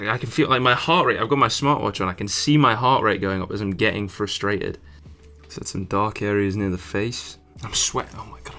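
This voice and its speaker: Bright-voiced young man drawing. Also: lowish voice. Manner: chatty, swears often, frustrated muttering. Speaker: artist streamer. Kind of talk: casual drawing commentary.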